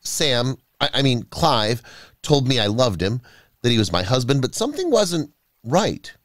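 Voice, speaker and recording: A man voicing a gentle, bewildered woman in her thirties in a storybook, speaking softly and haltingly. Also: medium pitch, very animated, no room sound, studio quality. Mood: tender. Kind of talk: storybook character voice.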